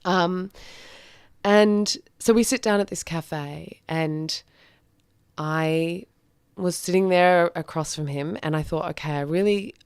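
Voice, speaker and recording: Frank, reflective woman with a low voice. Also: slow, darkish tone, clear, resonant tone, no echo, clean studio sound. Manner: frank, reflective, with frequent fillers. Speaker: podcast guest. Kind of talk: candid personal storytelling.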